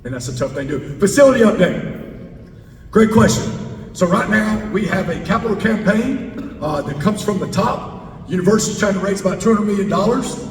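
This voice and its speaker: An animated man, speaking at a moderate pace, is a head football coach addressing a club and taking questions from the audience. He's emphatic and drives points home by repeating key words. He's in a large indoor meeting hall, recorded from a distant mic with roomy hall sound and a faint rumble.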